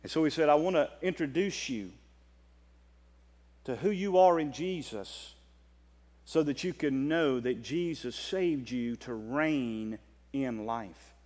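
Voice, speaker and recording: With a mid-range voice echoing as if in a big room, a man with a Southern American accent preaches with passion. His delivery shifts from drawn-out, booming statements to quick, quiet asides.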